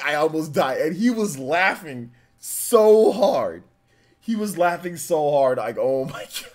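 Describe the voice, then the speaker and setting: A man hosting a casual live stream, telling stories with animated energy and breaking into shouts when excited. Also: on the high side. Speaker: livestream host.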